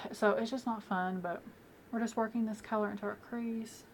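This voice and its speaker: A woman's voice: fairly high pitch, steady tone, normal speed, a little hiss or hum. A young woman vlogging casually as she does her makeup, chatty and rambling with many fillers, at home. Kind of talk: casual get-ready-with-me chat.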